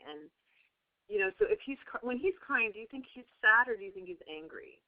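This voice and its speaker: A parenting coach calmly guiding a parent through a problem, speaking over a call. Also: mid-range voice, a little fast, dry recording. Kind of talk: advice talk with a caller. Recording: tinny phone-like line.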